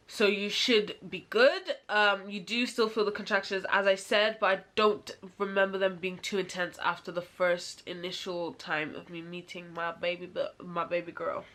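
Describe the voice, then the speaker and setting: A woman's voice: medium pitch, fairly even intonation, moderate pace, fairly bright tone. A woman chatting casually to camera as a vlogger, rambling and laughing often.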